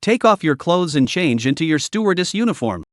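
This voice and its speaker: A man reading a gruff bullying intruder. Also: on the high side, sing-song, fairly quick, no echo, clean studio sound. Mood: menacing. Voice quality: rough, gruff. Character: rough-voiced male intruder, bullying and crude.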